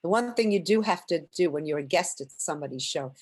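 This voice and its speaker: An older woman with a lowish voice, telling stories from her career in an animated way. Her pitch swings widely as she acts out the people she remembers. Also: quick pace. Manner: animated storyteller, acts out quotes, laughs often. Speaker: singer and stage performer. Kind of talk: anecdotal storytelling in an interview.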